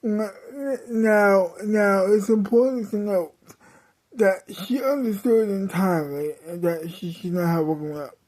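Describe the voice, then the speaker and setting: A woman's voice: medium pitch, measured pace, a little mellow. A woman telling a comedic story in a dramatic way, correcting herself often and breaking into sudden outbursts.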